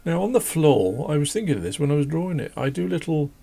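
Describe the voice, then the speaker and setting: A man hosting a drawing channel, chatting casually and rambling as he draws, self-deprecating and laughing often, with a croaky voice. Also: on the high side, very animated, quick pace, warm tone. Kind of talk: casual chat while drawing. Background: faint classical music.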